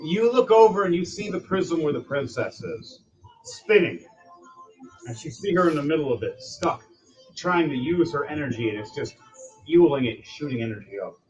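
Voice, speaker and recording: Animated man running a tabletop game. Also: fairly high pitch, normal speed, lo-fi sound, faint music behind. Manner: animated, dramatic outbursts. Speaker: game master.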